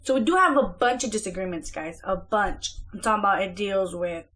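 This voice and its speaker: A woman's voice: medium pitch, animated, a little fast, a bit bright. A young woman, a mother, chatting casually through a home vlog update in her kitchen, rambling with lots of fillers and restarts.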